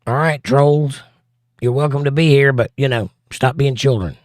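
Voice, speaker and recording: In a dry, studio-quality recording, a mid-range male voice at a moderate pace reads viewer comments from a casual livestream and responds with wry, joking remarks.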